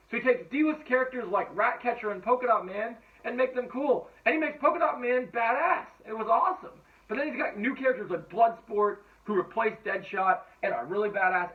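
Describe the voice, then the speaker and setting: High-voiced dude hyping up movies, sounds like a phone line, kinda far from the mic. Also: male voice, fairly quick. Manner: enthusiastic, rambling, swears casually. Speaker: movie reviewer. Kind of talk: casual movie-ranking commentary.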